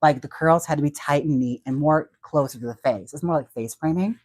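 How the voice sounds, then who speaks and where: On a casual livestream, a man who styles wigs chats and giggles his way through talk about wigs while reading viewer comments aloud. His voice sits on the high side, with a darkish tone and a slightly quick pace, and the sound is dry with no echo.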